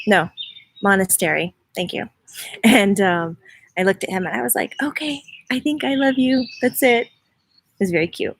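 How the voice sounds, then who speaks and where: A woman with a medium-pitched, slightly bright voice, a spiritual medium, hosts a casual livestream from her front yard. She chats and greets viewers by name.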